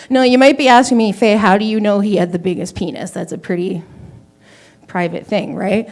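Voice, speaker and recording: A woman's voice: mid-range voice, steady tone, brisk, a little mellow. Canadian woman doing open mic standup, chatty storytelling, swears a lot, makes fun of herself. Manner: conversational storytelling with swearing and self-deprecating asides. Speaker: stand-up comedian. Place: small comedy venue with live audience.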